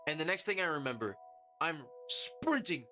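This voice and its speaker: Young male podcast host, lively storyteller, bright and forceful, swears freely, faint music underneath. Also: moderate pace. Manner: profane, animated, acts out quotes in high voices. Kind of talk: casual storytelling.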